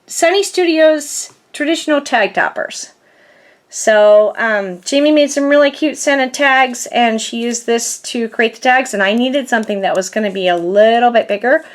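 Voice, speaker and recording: Chatty giggling woman with high voice. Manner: rambling, giggly, frequent fillers. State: sore back, groans a little. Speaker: crafting vlogger. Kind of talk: casual chatty haul video.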